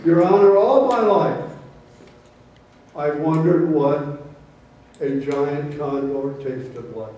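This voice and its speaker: A man's voice: on the high side, slow, long pauses, mellow, highs cut off, a little hiss or hum. A man doing an earnest young defendant. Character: earnest young male defendant, a bit sheepish. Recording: roomy hall, mic from far off.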